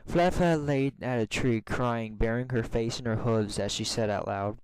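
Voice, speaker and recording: A man reading a fan story aloud in plain, steady narration. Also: lowish voice, normal speed, few pauses, clear, resonant tone, dry recording, low-quality recording. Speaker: story reader.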